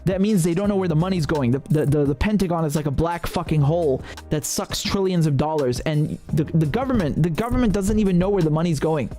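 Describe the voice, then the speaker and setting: A man's voice: fairly high pitch, a little fast, few pauses, warm tone. A man hosting live political commentary, indignant and sarcastic, swearing freely as he rants. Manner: indignant, sarcastic, profane ranting. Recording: faint music behind the voice.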